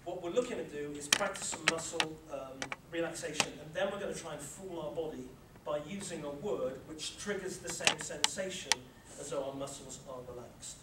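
A sports psychology presenter gives a live workshop on handling anxiety in a lecture room, guiding the audience through a relaxation exercise, repeating instructions and checking they're following. His voice is a little high, at normal speed with hardly any pauses, recorded far from the mic in an echoey room with loud noise.

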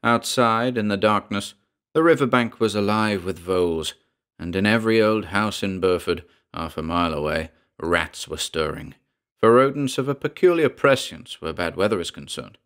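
A man narrating a horror story in a measured, dramatic storytelling voice. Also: fairly low pitch, a bit bright, clean tone.

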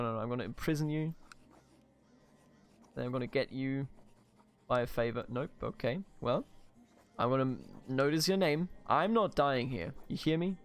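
A man's voice: mid-range voice, clean tone. A man giving casual, playful gameplay commentary as a let's play host, reading event text aloud and swearing casually.

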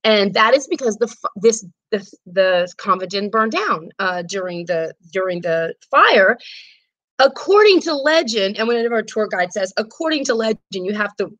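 A woman tour guide telling history stories in a chatty, animated way on a live stream, acting out quotes as she goes. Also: medium pitch, normal speed, few pauses, no echo, low-quality recording. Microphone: phone or camera on a live stream.

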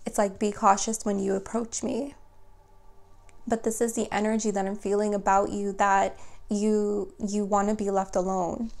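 Addressing her viewers directly, this tarot reader is earnest and encouraging, with lots of fillers in her speech. Her voice sits in the mid-range and has a darkish tone.

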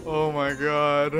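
Game music plays behind a high-pitched young gaming video host who yells over his gameplay. His live commentary is excited, lurching from shouts to laughter.

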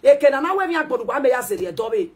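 A Nigerian woman ranting in a loud, animated, scolding way, switching between Pidgin and a local language. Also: high-pitched, racing, a little hiss or hum. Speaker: social media commentator. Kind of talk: ranting live video commentary.

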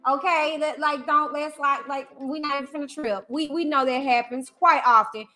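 A woman YouTuber hosting a livestream commentary, talking in an animated, emphatic way and repeating phrases. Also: sits high, moderate pace, faint music behind. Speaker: YouTuber host.

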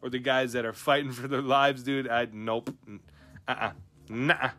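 A young man hosting a card pack opening, talking in an animated, slangy way with lots of "dude" and "bro". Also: mid-range voice, moderate pace. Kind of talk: excited live commentary on pack openings. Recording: faint music behind.

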